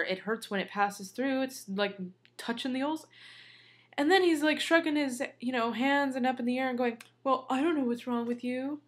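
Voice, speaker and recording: A woman vlogger chatting casually to her viewers, venting with lots of ums and you-knows. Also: mid-range voice. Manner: chatty, venting, many fillers.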